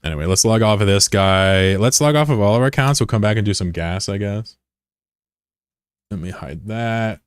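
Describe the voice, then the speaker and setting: Blunt, profane American streamer, low dry voice. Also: male voice, dry recording. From United States. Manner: blunt and profane, often swearing; argumentative when answering critics. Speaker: livestreamer. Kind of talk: casual livestream chat with viewers.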